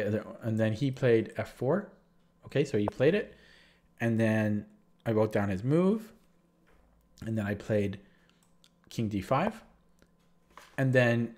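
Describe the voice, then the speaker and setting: On a livestream, a sick man nursing a sore throat walks through his chess games, rambling loosely and starting sentences over as he recounts them. His voice is mid-range and a little mellow.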